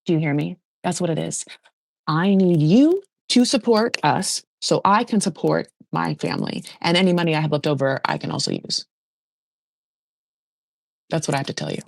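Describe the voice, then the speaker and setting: A woman playing a young fiancée pleading for support, earnest and insistent, in a low, dry voice close to the mic. The delivery stays low and firm. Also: fairly even intonation, fast, vocal fry, long pauses, dry recording.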